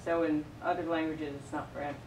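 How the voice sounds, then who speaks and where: Female student, lower voice, ponders and asks in class; far-off, roomy recording. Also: flat delivery, fast, a little mellow. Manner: thoughtful, questioning, thinks aloud. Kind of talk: classroom discussion. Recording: echoey classroom from far off, noisy.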